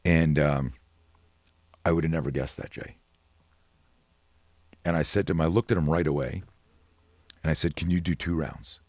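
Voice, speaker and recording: A middle-aged man with a very deep, husky voice tells stories as a podcast guest. He is animated and slips into other people's voices as he acts out the dialogue. The recording is dry and close. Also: normal speed, pauses often, no room sound. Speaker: guest, self-defense expert. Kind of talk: storytelling in a podcast interview.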